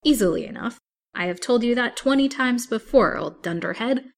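A woman voicing a blustering, scornful old man who scolds loudly and is a coward at heart. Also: on the high side, animated, moderate pace, vocal fry, pitched above the performer's own voice. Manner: loud, scolding, contemptuous.

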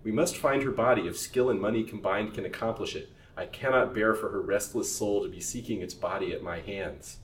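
A man voicing a stern, grieving older gentleman who speaks sharply, in a storybook reading. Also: on the low side, fairly quick, hardly any pauses, slight background noise, natural voice. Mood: grave. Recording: roomy recording from a distance.

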